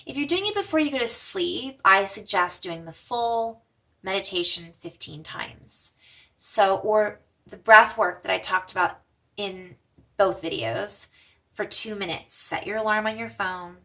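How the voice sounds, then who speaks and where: Gentle woman guiding a breathing lesson. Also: mid-range voice, lively intonation, distant mic. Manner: gentle, slows and softens for mantras, fades to whispers. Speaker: breathing exercise teacher.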